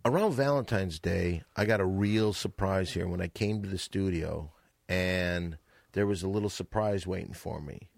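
A man hosting a comedy podcast, telling stories in a deadpan, mock-serious way. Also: low voice, normal speed, vocal fry, no echo, studio quality. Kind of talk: improvised comedy chat.

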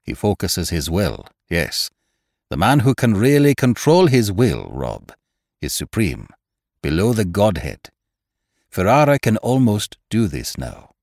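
A man's voice: on the low side, wildly swooping pitch, a little mellow, dry recording, clean studio sound, pitched above the performer's own voice, full character voice. A man voicing a stern, grave elderly doctor in an audiobook reading. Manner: grave, deliberate. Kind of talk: audiobook character voice.

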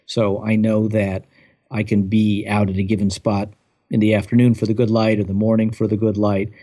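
A man, a photographer, answering interview questions in a relaxed, thoughtful way, laughing easily. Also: on the low side, moderate pace. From United States.

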